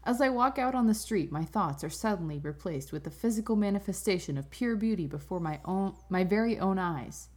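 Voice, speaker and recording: Female podcast co-host, husky and breathy; teasing banter, story reading. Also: medium pitch, expressive, brisk, few pauses, a little mellow.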